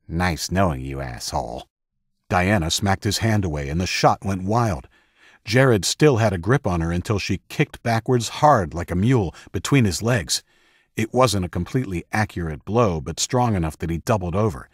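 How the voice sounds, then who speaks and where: A man narrating an audiobook in a steady, measured way on a close microphone. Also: low voice, slightly rough, dry recording. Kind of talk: scripted narration.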